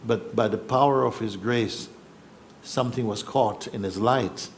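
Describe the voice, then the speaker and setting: Middle-aged male spiritual teacher, low voice, unhurried storyteller who chuckles and acts out voices, faint room noise. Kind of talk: storytelling talk at a gathering. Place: yoga festival gathering.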